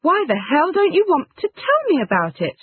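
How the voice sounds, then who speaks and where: Animated woman reading example phrases. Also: high voice, moderate pace, dry recording. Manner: reads short example phrases, lively intonation. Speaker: English phrase teacher. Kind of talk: scripted example sentences. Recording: tinny phone-like band, dry.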